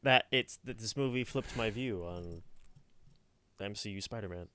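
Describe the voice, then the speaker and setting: A man's voice: lowish voice, normal speed, a bit bright, a little hiss or hum. A young man co-hosting a podcast, talking through his opinions at length in a casual chat. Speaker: podcast co-host.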